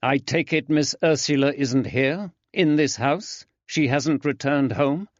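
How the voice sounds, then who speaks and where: A man narrating an audiobook, voicing a firm, brisk detective in a clipped, slightly raised voice. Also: medium pitch, no room sound, pitched above the performer's own voice, lightly acted. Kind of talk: audiobook character voice. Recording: dry, slightly dull.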